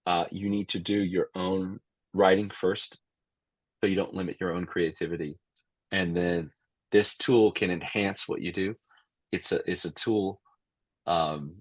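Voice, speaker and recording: Fielding interview questions in his role as an expert witness, a middle-aged law professor answers with emphasis, often repeating words as sentences begin. He has a low voice, and the recording carries no room sound.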